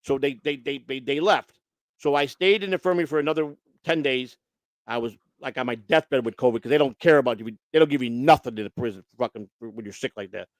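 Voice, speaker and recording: A man's voice: mid-range voice, fairly quick, dry recording. A man hosting a casual chat, telling a long story bluntly, with lots of swearing and restarts. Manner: blunt, profane, rambling with many restarts. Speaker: host.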